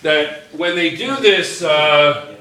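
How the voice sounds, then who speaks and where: A man's voice: a little high, slow pace, pushed and bright. A male chemistry teacher lecturing a class, chatty and joking, checking in with his students all the time. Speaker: high school chemistry teacher. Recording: echoey classroom.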